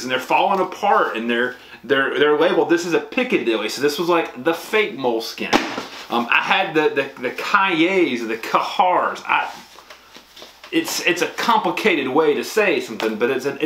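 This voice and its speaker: Chatty man in an echoey room. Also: fairly high pitch. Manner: chatty, rambling with many restarts and ums. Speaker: pastor and vlogger. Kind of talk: casual talk to camera. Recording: echoey room with clear background noise.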